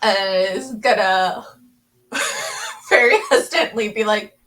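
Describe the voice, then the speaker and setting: A woman's voice: a little high, moderate pace, a bit bright, rough recording. A woman playing in a tabletop game, speaking in a giggly, hesitant way. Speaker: player.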